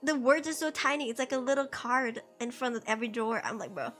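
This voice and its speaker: Bright, chatty young woman streamer. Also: on the high side, fast, soft background music. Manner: chatty, laughs often, slangy. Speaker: VTuber streamer. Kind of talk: casual chat. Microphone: headset.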